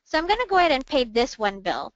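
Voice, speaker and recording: A woman walking viewers through a software demo step by step, calmly narrating each click in a webinar. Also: high voice, quick pace, no echo. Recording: dull, dry, lo-fi webinar audio.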